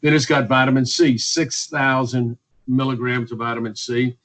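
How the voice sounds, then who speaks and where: A man's voice: mid-range voice, flat delivery, moderate pace, a bit bright, low-quality recording. A man, speaking as a physician guest in a radio interview, emphatic and repetitive, listing points one by one. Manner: emphatic, repetitive, list-making.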